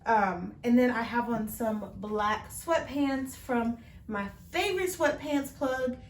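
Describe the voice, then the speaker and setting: A woman's voice: fairly high pitch, slow pace, slight background noise. A young woman chatting casually in a fashion try-on haul, bubbly and full of fillers, speaking from across the room. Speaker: fashion vlogger. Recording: roomy sound from far off.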